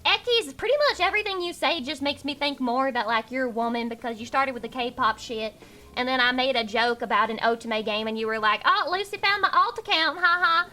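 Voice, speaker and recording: High, bright-voiced ranting woman streamer. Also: steady tone, brisk. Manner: profane, ranting, teasing chat. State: underslept. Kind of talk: casual livestream chat.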